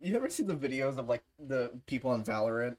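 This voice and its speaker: Woman host, giggly and self-mocking, mellow tone, pitch swinging widely. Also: sing-song, fast talker. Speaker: podcast host. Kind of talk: casual livestream chat.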